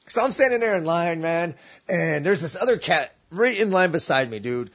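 A man's voice: on the high side, lively intonation, moderate pace, a bit bright. A man telling a long, profane, slangy story in casual chat, acting out the voices of the people in it.

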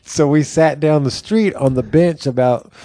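A man in his forties telling a wild story in casual chat, animated, swearing often and acting out the voices of people in it. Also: a little high, a little slow, a little hiss or hum.

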